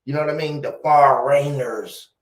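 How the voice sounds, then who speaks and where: A man's voice: on the high side, normal speed, crowd noise. A man in casual chat, laid-back and slangy, repeating himself as he plays with words. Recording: echoey room.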